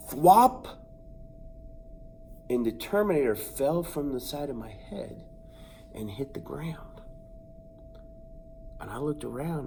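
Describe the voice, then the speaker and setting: A man's voice: on the high side, gravelly. A man telling a comic personal anecdote, acting out sounds and voices and building suspense. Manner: animated, acts out sounds and voices. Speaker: storyteller.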